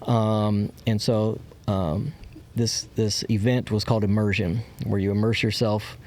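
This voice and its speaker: Low, mellow-voiced man telling his story. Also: level tone, unhurried. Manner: candid, acts out quoted voices. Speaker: podcast guest. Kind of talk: personal storytelling.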